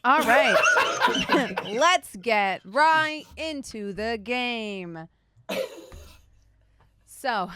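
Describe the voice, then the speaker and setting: A woman, the dungeon master, who laughs a lot in chat and narrates the scene calmly. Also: medium pitch, no room sound. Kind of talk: narrating a tabletop game.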